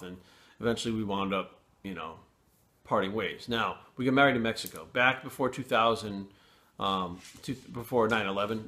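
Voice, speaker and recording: A middle-aged man telling a rambling, profane personal story in a casual vlog. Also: mid-range voice. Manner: profane, rambling, animated retelling. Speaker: fitness channel host.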